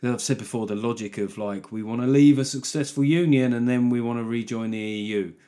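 A man hosts his own podcast in a loose, rambling monologue. His voice sits at an ordinary middle pitch, and he drifts from one joke to the next with a sarcastic edge. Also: brisk, mellow. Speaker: podcast host. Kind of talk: casual solo podcast monologue.

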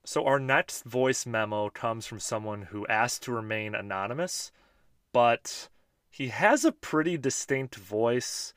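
Man, 30s, podcast host, chatty, laid-back, dry close-mic sound, middle pitch. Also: a little slow, fairly bright tone, no echo. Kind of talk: casual podcast talk reading listener voice memos.

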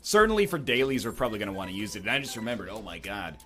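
Here the man's voice is on the low side yet a bit bright, and he's very animated and very fast. He plays a video game while rambling through jokes and wry side comments.

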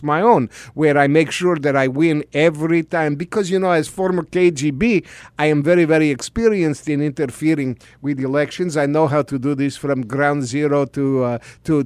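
A man's voice: fairly high pitch, dry recording, close to an everyday voice. A man putting on a boastful older Russian president in a comedic radio impression, with a mock Russian accent and broken English full of denials. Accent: put-on Russian.

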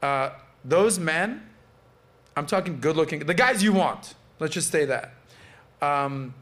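A man's voice: a little high, expressive, slow, long pauses, a bit bright. A man around forty hosting a podcast, brash, joking and profane in casual chat. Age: late 30s to early 40s. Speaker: podcast host.

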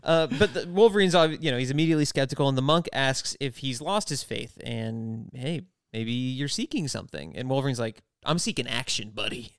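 A man walks through an episode's plot like he's telling a story to friends, breaking into laughter along the way. His voice is smooth and clear, recorded close and dry with no room sound. He sits at an even, ordinary pitch. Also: brisk, few pauses, no room sound. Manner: animated storytelling recap, laughs often. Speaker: podcast co-host recapping an episode. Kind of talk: casual chat.

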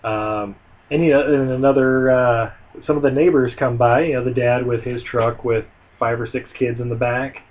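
A man's voice: medium pitch, fairly even intonation, normal speed. A man co-hosting a podcast, recapping a movie in casual chat, hesitant with many fillers. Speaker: podcast co-host. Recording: dull lo-fi audio, faint hiss.

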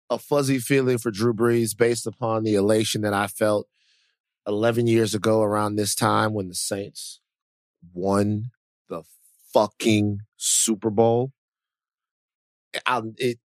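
A podcast co-host with a voice on the low side chats casually, rambling and restarting amid many fillers. The recording is dry, with clean studio sound.

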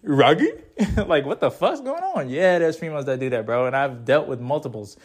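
Delivering offhand advice in a rambling, slangy monologue, this young man has a voice pitched slightly higher, and it swings widely in pitch at a moderate pace. He's blunt and profane and keeps returning to his catchphrases.

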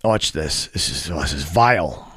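A man's voice: rumbling low, expressive, normal speed, fairly bright tone, husky, no echo, clean studio sound. A man ranting bluntly to camera as a fitness and dating vlogger, profane, scornful and lecturing.

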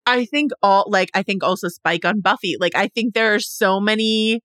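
A woman's voice: mid-range voice, fairly bright tone, dry recording, clean studio sound. A woman co-hosting a casual pop-culture chat, chatty and playing out imagined dialogue. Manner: chatty, quick restarts, plays out imagined dialogue. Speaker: podcast co-host.

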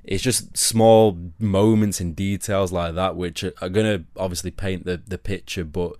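A man's voice: low-pitched, fairly even intonation, moderate pace, darkish tone, no echo, clean studio sound. A man co-hosting a football podcast, giving earnest, opinionated analysis. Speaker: podcast co-host.

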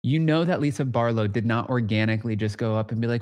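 A man hosts a casual recap podcast, talking fast in a medium-pitched, darkish voice. He's chatty and gossipy, peppering nearly every sentence with "like."

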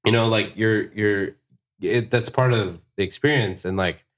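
Man, tattoo artist, casual podcast talk, swears a lot, animated stories. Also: lowish voice, a little slow. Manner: profane, animated storytelling.

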